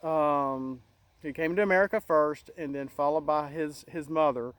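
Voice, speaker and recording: A middle-aged man hosting a casual monologue, talking in an earnest, halting way with many restarts. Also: fairly high pitch, fairly bright tone, clean tone, no echo, low-quality recording. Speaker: channel host.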